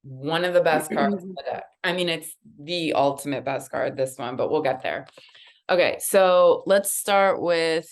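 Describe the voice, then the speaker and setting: A woman, a guest artist, telling a lively story while reading oracle cards, with a casual, conversational manner and frequent fillers. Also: low-pitched, unhurried. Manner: animated, conversational, many fillers.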